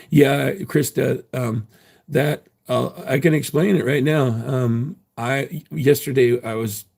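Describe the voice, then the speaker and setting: A man tells a long story on his livestream, rambling and restarting his sentences often. His voice is gravelly and husky, and his pitch sits in an ordinary middle range for a man. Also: darkish tone. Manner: rambling, many fillers and restarts.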